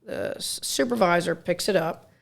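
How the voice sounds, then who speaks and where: A woman's voice: lowish voice, normal speed, gravelly. A middle-aged woman, a nurse co-hosting a podcast, telling rambling anecdotes in casual chat and acting out quotes.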